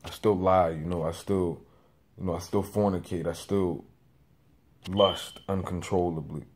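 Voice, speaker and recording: A young man in his twenties with a lowish voice gives a personal testimony to camera. He wanders through his story, circling back and restarting, full of casual fillers. He calls himself a loud talker who keeps trying to rein it in. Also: steady tone, measured pace. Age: 20s. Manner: rambling, with many fillers and restarts; says he is a loud talker working on voice control. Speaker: vlogger.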